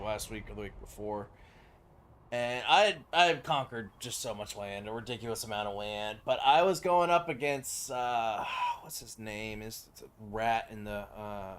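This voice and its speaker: A man's voice: lowish voice, a bit bright, slight background noise. A young man casually commenting on his strategy game, rambling and swearing, with lots of fillers. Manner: rambling, profane, full of fillers. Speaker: game streamer.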